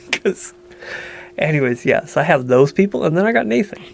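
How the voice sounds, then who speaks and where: A man with a gravelly, slightly high voice chats casually on a podcast, animated and quick to tease. A faint hum runs under the recording. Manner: animated storyteller, laughs often, teasing. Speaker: podcast co-host. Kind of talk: casual chat.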